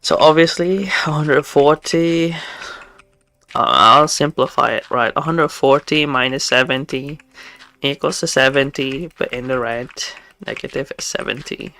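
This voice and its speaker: Streamer rambling slowly while gaming, lots of stumbles and restarts, bright edgy tone. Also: medium pitch, creaky. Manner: halting, stammering, full of restarts and fillers. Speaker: game streamer. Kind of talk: casual chat while live-streaming a game.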